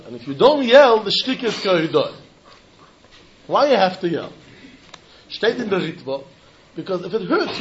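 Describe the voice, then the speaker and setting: High, lively man giving an animated Talmud lecture. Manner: sing-song, mixing English, Yiddish and Hebrew; laughs often, rhetorical questions. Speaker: Talmud teacher. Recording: dull lo-fi recording.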